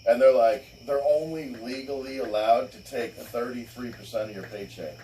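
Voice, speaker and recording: A man's voice: medium pitch, normal speed, mellow, distant mic, a little hiss or hum, poor audio. A man hosting a casual podcast chat, ranting bluntly and profanely. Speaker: show host.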